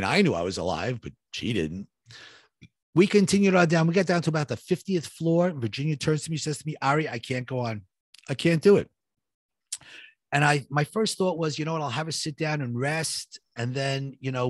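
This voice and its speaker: A middle-aged man, appearing as a guest, tells a personal survival story vividly, acting out each person's lines and building suspense. His voice is medium-pitched, and the recording is dry with studio quality.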